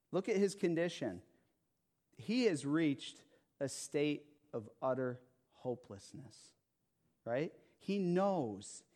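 A male pastor delivers a sermon in a slow, deliberate way, leaning on repetition and emphasis. His voice sits a little higher than most men's. He keeps checking in with the congregation with "okay?" and "right?". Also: darkish tone.

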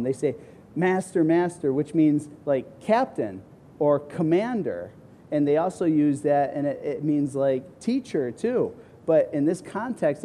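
A middle-aged man, a pastor, preaching a sermon and acting out the people he quotes with sudden high, loud bursts. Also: slight background noise. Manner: acts out quoted voices with big pitch swings.

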